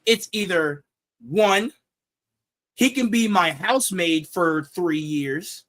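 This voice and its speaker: A young man with a high voice hosts a casual sports talk show. He jokes, laughs at his own jokes and repeats his words as he goes. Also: slow, fairly bright tone. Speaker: show host.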